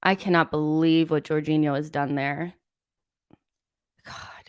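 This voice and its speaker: Exasperated woman venting, low and dry. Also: fairly even intonation, measured pace, clear, resonant tone, no room sound. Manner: exasperated, venting and reading viewer messages. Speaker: host of a football watchalong stream. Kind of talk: live watchalong commentary and chat.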